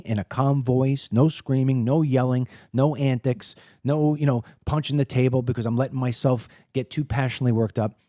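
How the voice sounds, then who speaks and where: In an opinionated monologue to camera, a middle-aged political talk show host argues emphatically, stacking rhetorical questions and repeating words as each point builds. His medium-pitched voice is mellow and dark. The recording is close and dry, with no room sound at all.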